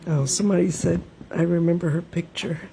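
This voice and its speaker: A middle-aged woman live streaming from home, fighting back tears as she keeps pausing to talk to her viewers. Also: on the low side, steady tone, gravelly, warm tone. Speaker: livestreamer. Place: home room with a fan running. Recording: noisy home livestream with fan hum.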